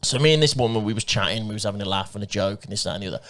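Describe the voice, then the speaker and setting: A man's voice: lowish voice, very fast, fairly bright tone. A man from England, co-hosting a podcast and telling a long, rambling story full of swearing and quoted dialogue. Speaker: podcast co-host. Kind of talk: casual storytelling chat.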